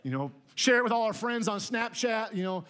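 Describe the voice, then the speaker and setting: A man's voice: high-pitched, lively intonation, brisk, fairly bright tone. A man pastor preaching a conversational, emphatic sermon to his church. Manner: conversational, emphatic, repeats words when starting a phrase. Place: church sanctuary.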